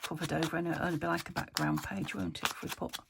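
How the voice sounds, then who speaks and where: A British woman hosting a crafting vlog from an upstairs room at home, rambling and talking to herself as she works, often trailing into soft murmurs. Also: deep voice, level tone, fast, creaky. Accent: British English. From United Kingdom. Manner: rambling, talks to herself while working, drops into soft murmurs. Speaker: crafting channel host. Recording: home recording with noticeable background noise.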